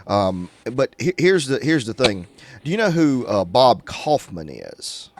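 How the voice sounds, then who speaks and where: A male interviewer speaking slowly and deliberately, drawing out key words in a political conversation. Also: medium pitch, very animated, slight background noise.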